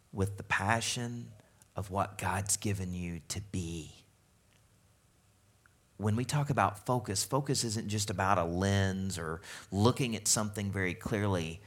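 A man preaching a sermon as a pastor, animated and conversational, asking the congregation questions as he goes. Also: lowish voice.

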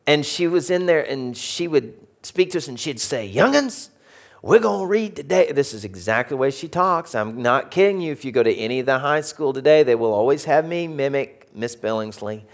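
A man from Arkansas with a Southern accent, telling a humorous story to a live audience. He is animated and jokey, dropping to a hush for effect. His voice sits in an ordinary middle pitch. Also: a little fast, hardly any pauses. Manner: animated, jokey, swings between loud and hushed. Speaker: speaker.

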